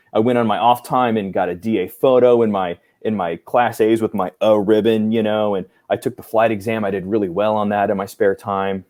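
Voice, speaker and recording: A man in his forties, a guest on a podcast, telling lively stories about his army career and acting out the people he quotes, with many fillers. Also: on the low side. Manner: animated, acts out quoted dialogue, many fillers. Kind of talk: casual storytelling interview.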